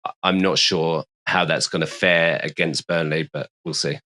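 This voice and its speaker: A man's voice: rumbling low, steady tone, normal speed, bright, forceful tone. A man, co-hosting a casual football podcast, hesitant with lots of ums and restarts and casual swearing. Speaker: podcast co-host, West Ham fan.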